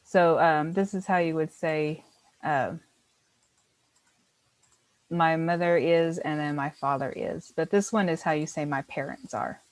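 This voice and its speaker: A woman's voice: low voice, fairly even intonation, measured pace, pauses often, no echo, rough recording. A woman teaching a beginner language class, explaining patiently step by step and encouraging her students.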